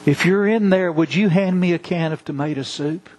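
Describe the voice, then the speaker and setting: A man's voice: fairly high pitch, normal speed, a little mellow, voice pushed up, lightly acted. A man voicing a frightened five-year-old boy who pleads with his mother. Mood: scared.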